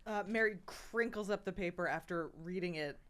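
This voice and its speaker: A woman playing a tabletop role-playing game, narrating her character's actions in an animated, laughing way. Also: on the low side, moderate pace. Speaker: player.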